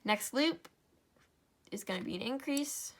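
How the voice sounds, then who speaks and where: A woman's voice: a little high, expressive, measured pace, a little hiss or hum. A young woman hosting a craft tutorial, talking casually step by step, sleepy and yawning, often correcting herself and apologizing. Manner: chatty, self-correcting, apologetic.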